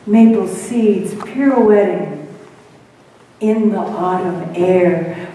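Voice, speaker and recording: Woman minister, slow dramatic storyteller, mellow tone, echoey church hall. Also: fairly high pitch, far from the mic, a little hiss or hum. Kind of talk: storytelling sermon. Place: church sanctuary.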